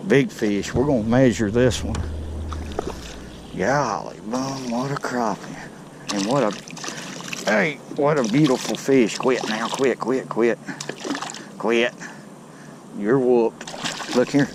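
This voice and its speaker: A man's voice: mid-range voice, slow pace, long pauses, background noise. A man hosting a fishing video, chatting in a folksy way from a boat by some docks and talking to the fish he catches. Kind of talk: casual outdoor fishing commentary.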